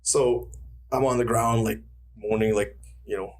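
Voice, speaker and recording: A man's voice: lowish voice, measured pace, crowd noise. A man, a retired fighter, telling stories in a casual interview, acting out quotes and swearing freely. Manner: animated storyteller, acts out quotes, swears freely.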